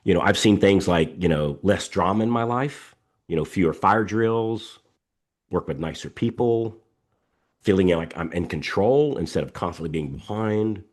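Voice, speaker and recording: A man's voice: sits low, normal speed. A middle-aged man hosting a live coaching session over a video call, talking emphatically, repeating himself, and telling stories. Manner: emphatic, repetitive, animated storytelling. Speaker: coaching host. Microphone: video call microphone.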